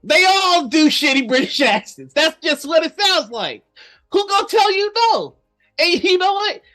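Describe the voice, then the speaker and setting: Woman co-host, lively swooping pitch, laughs a lot, curses casually, faint music behind. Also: normal speed. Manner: laughing often, profane and animated. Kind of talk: casual stream chat.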